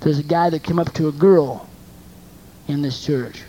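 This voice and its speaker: Speaking at a medium pitch and a slightly slow pace, a warm, mellow-toned preacher delivers a sermon full of rhetorical questions and repetition, alternating forceful declarations with soft asides. The recording is poor, carrying a slight hiss or hum.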